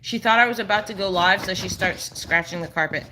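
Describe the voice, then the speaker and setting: Bright-voiced woman chatting on a stream. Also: mid-range voice, moderate pace, hardly any pauses, slight background noise. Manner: chatty, coaxing sing-song talk to her dog. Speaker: live streamer and dog owner. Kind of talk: casual live-stream chat. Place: indoor room at home.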